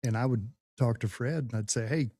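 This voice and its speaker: Middle-aged male host, mellow tone, dry close-miked sound, folksy and rambling. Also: medium pitch, a little fast, slightly rough, no echo. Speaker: podcast host. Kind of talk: casual podcast conversation.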